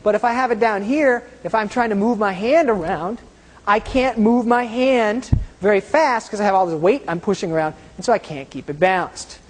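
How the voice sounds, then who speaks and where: A woman's voice: mid-range voice, moderate pace. Woman teacher, mid-range voice, demonstrating in a big echoey room, checks in with "okay?". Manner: explains while doing hands-on demonstrations, often checking in with "okay?". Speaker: science teacher. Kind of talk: classroom demonstration lecture. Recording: long reverb of a large room.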